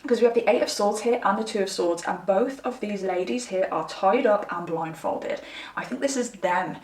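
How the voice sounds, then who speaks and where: A woman's voice: mid-range voice, normal speed, a little mellow, roomy sound, far from the mic. A young woman chatting candidly to her viewers while giving a pick-a-card tarot reading. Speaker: tarot reader.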